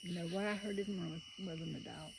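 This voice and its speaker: A woman outdoors at night, halting and unsure, searching for words as she tells what she heard. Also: on the low side, fairly even intonation, low-quality recording. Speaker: witness. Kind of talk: casual chat. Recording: phone recording with clear background noise.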